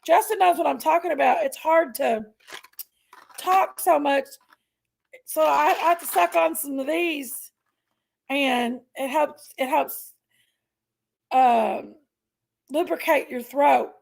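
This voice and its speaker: Hoarse, gravelly woman host. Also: high-pitched, takes it slowly, pauses often. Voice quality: loud, laughs often. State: hoarse from allergies. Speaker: livestream host. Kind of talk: casual live chat with viewers.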